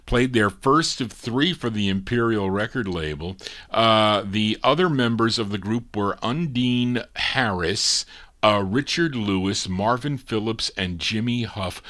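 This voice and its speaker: Bright-voiced man spinning old records. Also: fairly low pitch. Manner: relaxed, rambling delivery with frequent "uh" fillers. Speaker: radio show host and record DJ. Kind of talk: casual radio DJ patter.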